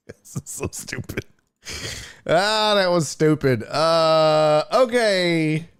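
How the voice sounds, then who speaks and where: Male streamer host, casual and profane, expressive swooping delivery, unhurried. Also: a little high, clear, resonant tone. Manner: animated, swearing, incredulous storytelling. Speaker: sports show host and streamer. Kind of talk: casual live-stream chat.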